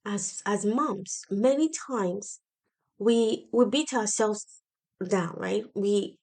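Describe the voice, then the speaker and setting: A woman's voice: medium pitch, slow pace, darkish tone. A woman in her thirties hosting a casual solo podcast from her home office, speaking in an earnest, encouraging way. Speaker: podcast host.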